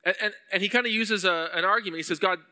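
A man's voice: sits high, fast talker, pushed and bright, smooth, long reverb tail. A male pastor preaching an earnest sermon, at times rising to a pleading intensity as he reads scripture. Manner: earnest, builds to pleading intensity when voicing psalm verses.

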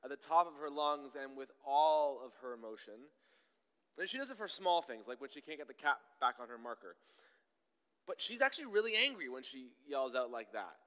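A man in his thirties, a pastor, preaching a sermon in a conversational, emphatic way with sudden loud bursts. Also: on the high side, sing-song, fairly quick, clear, resonant tone, long reverb tail.

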